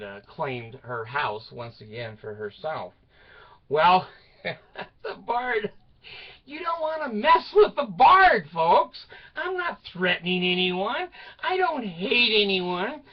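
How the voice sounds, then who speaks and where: An older man telling a rambling personal story to his channel, laughing at his own jokes and swinging between loud outbursts and mutters. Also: fairly high pitch, muffled recording. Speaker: video channel host.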